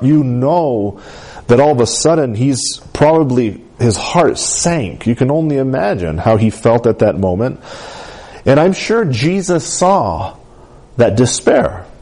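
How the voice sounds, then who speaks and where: A man preaching a sermon to a congregation, often asking "Amen?" and lifting his voice for emphasis. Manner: animated, rising pitch for emphasis, calls of "Amen?".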